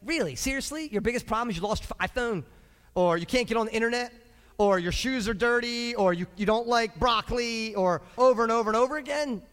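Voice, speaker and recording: A man preaching a sermon as the church's pastor, moving between quiet asides to his congregation and loud, shouted exhortation. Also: extremely high pitch, fairly quick, long reverb tail, faint music behind. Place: church sanctuary.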